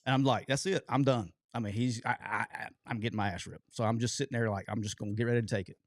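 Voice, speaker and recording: A man, co-hosting a show and telling a long story in an animated way, swearing casually. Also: fairly low pitch, rapid-fire, dry recording, studio quality. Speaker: co-host telling a coaching story.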